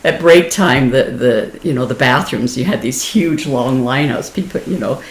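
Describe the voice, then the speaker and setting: A woman meditation teacher giving a gentle, explanatory dharma talk, laughing easily and restarting her phrases. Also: extremely low pitch, moderate pace. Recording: roomy echo.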